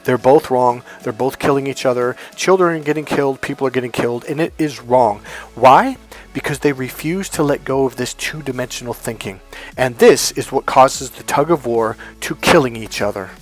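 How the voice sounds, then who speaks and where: A man's voice: medium pitch, moderate pace, soft background music. A middle-aged man coaching in a spontaneous, emphatic monologue, acting out the dialogue in his stories. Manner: emphatic, storytelling, acts out quoted dialogue. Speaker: self-help coach.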